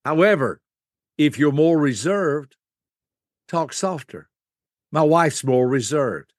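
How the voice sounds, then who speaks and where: Older male expert guest; animated, fairly high-pitched teaching voice; dry, close recording. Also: no echo. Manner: animated, acts out quick voices of types. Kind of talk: explanatory teaching talk.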